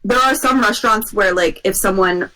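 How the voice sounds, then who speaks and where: A woman's voice: medium pitch, normal speed, sharp tone, low-quality recording. Chatty woman telling a rambling story. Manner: rambling, many fillers and restarts. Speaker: podcast co-host telling work stories. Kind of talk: casual storytelling chat.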